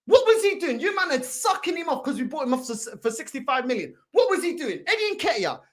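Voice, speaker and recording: A woman hosting a fan channel, delivering a heated, exasperated reaction rant full of shouting and swearing. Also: high-pitched, very animated, brisk.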